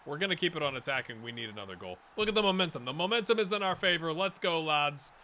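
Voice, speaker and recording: A man's voice: fairly high pitch, lively intonation, fast, sharp tone, slight background noise. A man casually commenting on his own football management game, chatty and self-mocking, urging his players on. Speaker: gaming YouTuber.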